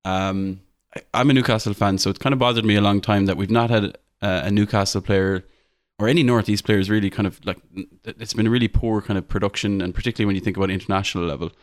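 Irish male co-host, low and dry, chatty and meandering. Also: steady tone, fast, dry recording. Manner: rambling, self-correcting, many ums. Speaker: podcast co-host, streamer. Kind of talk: casual chat.

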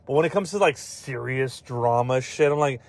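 Male podcast host, mid-pitched, loose profane movie chat, dry close mic. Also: moderate pace, gravelly, no room sound. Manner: rambling, profane, full of fillers and asides. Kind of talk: casual movie-review chat.

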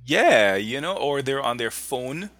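A man co-hosting a casual chat, telling anecdotes in an animated way and laughing now and then. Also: mid-range voice, measured pace, no room sound. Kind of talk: casual conversational storytelling.

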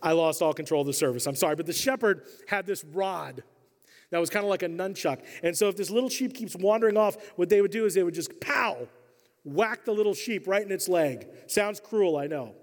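Male pastor in his forties, humorous storyteller, slightly high voice, sermon recorded with long hall reverb. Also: fairly quick.

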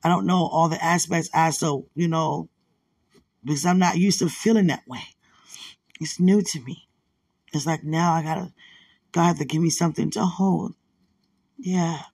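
Soft-spoken woman with a gravelly, husky voice, murmuring an intimate late-night phone message from bed. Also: low voice, fairly even intonation, moderate pace, pauses often, no echo. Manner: soft, hushed, rambling and affectionate, often religious. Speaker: partner leaving a voice message. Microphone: phone held close to the mouth.

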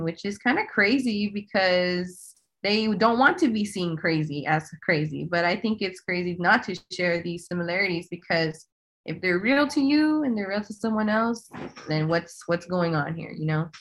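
A woman, a guest on a podcast, telling family stories in a relaxed, casual way with fillers. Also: medium pitch, normal speed. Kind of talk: casual storytelling.

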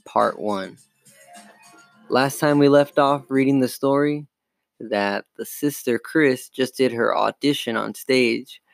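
A man's voice: medium pitch, gravelly, no echo. A man hosting a podcast, casually recapping and reading a children's horror book aloud with some stumbles. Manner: casual, informal, with restarts and fillers. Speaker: podcast host.

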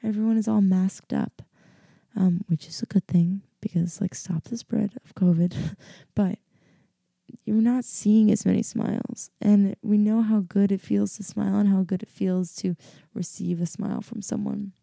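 A woman's voice: medium pitch, fairly even intonation, normal speed, creaky, warm tone, no room sound, studio quality. A woman in her early twenties hosting a casual solo podcast, rambling and upbeat with lots of fillers and laughter, and sounding sleepy. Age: 20s. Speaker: podcast host.

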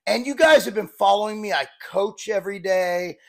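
A man's voice: sits high, normal speed, vocal fry. A man in his forties, a fitness coach, talking candidly and bluntly in a rambling, casual vlog style. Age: 40s.

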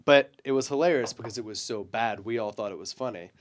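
A man co-hosting a podcast, telling a story in a relaxed casual chat. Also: medium pitch, fast talker, a little hiss or hum. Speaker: podcast co-host.

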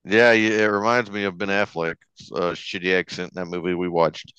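A man chatting casually about a movie, easygoing and quick to laugh. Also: deep voice, flat delivery, bright, forceful tone, clear, resonant tone, dry recording, lo-fi sound. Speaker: podcast co-host. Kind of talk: casual movie review chat.

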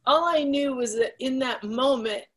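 A woman's voice: sits high, normal speed, a bit bright. A woman sharing her personal faith testimony as a guest, telling her story earnestly and speeding up at the tense moments.

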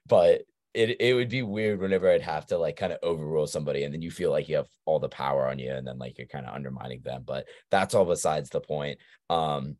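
A man with a very low, deep voice tells a rambling story on a podcast. His delivery is casual and chatty, full of filler words and animated asides. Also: no echo, studio quality. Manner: rambling, animated anecdote with frequent "like" and laughs. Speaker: podcast host.

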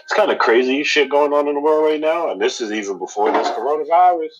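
A man co-hosting a podcast in laid-back, joking banter, with a husky voice. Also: fairly high pitch, fast, muffled recording. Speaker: podcast co-host.

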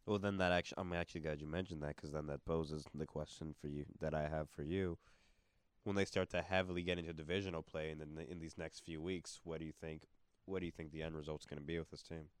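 A man's voice: extremely low pitch, fairly even intonation, quick pace, smooth, dry recording. A man in a casual sports debate, asking long winding questions and defending his team. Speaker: sports talk co-host.

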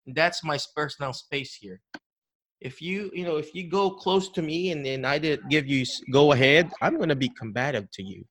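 A man being interviewed as a dementia care educator on a podcast call, animated and full of restarts, acting out how caregivers greet patients. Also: on the high side, moderate pace.

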